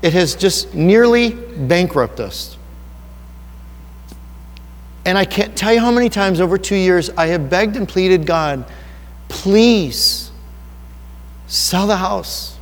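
A man with a fairly high voice preaches a sermon, speaking earnestly and personally. He asks rhetorical questions and talks to his listeners as if in conversation. His voice rings out with a long reverb in a church hall. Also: animated, unhurried, long pauses. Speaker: pastor.

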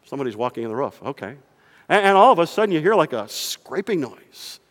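A man preaching a sermon with animated storytelling, often asking the congregation questions. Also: fairly high pitch, fast talker, long reverb tail. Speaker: pastor.

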